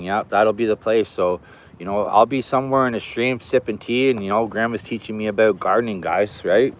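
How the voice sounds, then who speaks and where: Low-voiced man chatting to a livestream. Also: slight background noise. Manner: chatty, reads out and thanks viewers. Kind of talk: casual live stream chat. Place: outdoors by a river.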